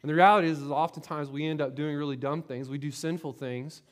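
In a church sanctuary, a middle-aged Floridian pastor delivers a sermon at a quick pace in a slightly high, steady voice. He tells a personal story in a conversational manner, repeating words often and checking in with his congregation.

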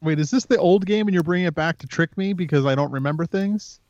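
A man co-hosting a podcast who keeps teasing and joking. His voice sits a bit high for a man. The sound is dull and dry, like a lo-fi mic. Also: fast, a little mellow, no echo. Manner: teasing, jokey. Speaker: podcast co-host. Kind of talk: casual chat.

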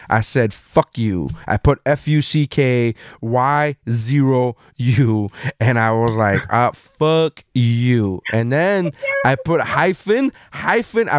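A man recounts a long grievance in loose, animated chat, with swearing all through it. He acts out the other people in short quoted bits. The mic sound is dry and close, with almost no room. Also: medium pitch, dry recording. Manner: profane animated storytelling. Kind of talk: casual chat.

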